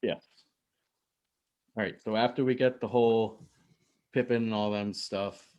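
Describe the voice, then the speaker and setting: A man's voice: fairly low pitch, fairly even intonation, measured pace, muffled recording. A man co-hosting a podcast in casual film talk, asking questions and laughing easily. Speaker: podcast co-host.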